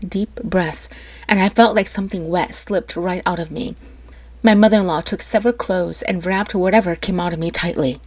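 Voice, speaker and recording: A woman's voice: on the low side, breathy edge. A woman narrating a first-person story with an emotional, dramatic delivery.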